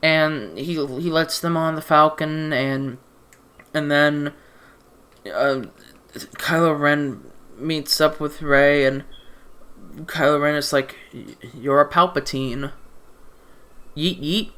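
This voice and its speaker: A male movie reviewer rants about a film into a desk mic, his fairly high voice slow, a bit bright, and clean in tone. Casual and rambling, he stammers through restarts and sounds exasperated and sarcastic.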